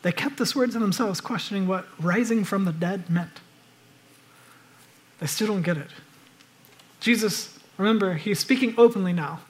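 A man preaching a sermon, moving between loud urgent exhortation and hushed, reflective passages. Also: high-pitched, normal speed, pauses often. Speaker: pastor.

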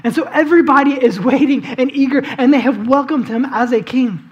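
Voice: sits high, brisk, dull audio. A preacher giving a conversational sermon, telling a scripture story vividly and inviting listeners to picture the scene, with casual fillers along the way. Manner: casual, with frequent "like" and "um".

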